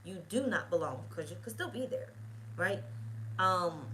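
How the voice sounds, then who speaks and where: A woman's voice: on the low side, animated, normal speed, a bit bright, slight background noise, rough recording. A woman giving a casual tarot reading, talking bluntly and straight to the viewer and swearing freely. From United States. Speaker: tarot reader.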